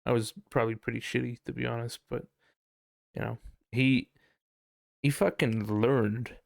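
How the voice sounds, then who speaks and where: A young man hosts a podcast and talks through a heated, swearing rant that breaks into laughs. His mid-range voice has a gravelly edge. The sound is close and dry, with no room in it. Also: mid-range voice, moderate pace, dry recording. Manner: profane, animated ranting with frequent laughs. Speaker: podcast host. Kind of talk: casual ranting chat.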